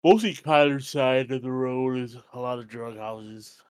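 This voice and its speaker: A man's voice: medium pitch, a little slow, smooth, no echo, studio quality. A man co-hosting a podcast in casual, rambling chat, swearing freely. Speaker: podcast co-host. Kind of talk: casual chat among friends.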